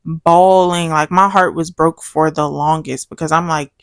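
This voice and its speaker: A young woman co-hosting a podcast tells a story in casual chat, speaking a little slowly in a dry recording. Her storytelling is animated, and she acts out quoted lines with big jumps in pitch.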